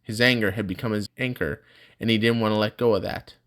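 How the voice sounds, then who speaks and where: Guy reading a fantasy audiobook, steady and measured. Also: fairly low pitch. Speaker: audiobook narrator. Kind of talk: audiobook narration.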